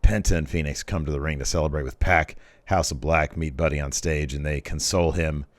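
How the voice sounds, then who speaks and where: A young man co-hosting a wrestling podcast in casual chat, animated and laughing often as he acts out moments from the show. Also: very deep voice, fairly quick, dry recording. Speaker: podcast co-host.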